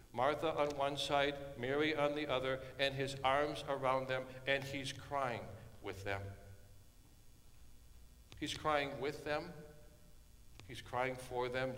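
Preacher guy, kinda high voice, real slow and dramatic, goes quiet then booms. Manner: dramatic storytelling, swinging from hushed to loud. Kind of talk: sermon. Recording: long hall reverb.

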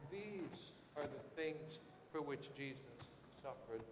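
A man preaching a sermon with dramatic swings, rising to shouted quotes and dropping low and quiet. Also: expressive, takes it slowly, echoey room, big-room sound, noisy background.

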